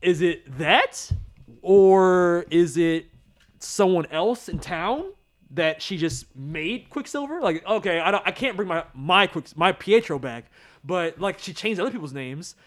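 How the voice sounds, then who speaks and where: A man in casual chat about a TV show, excitable, laughing often and acting out quotes. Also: sits high, measured pace.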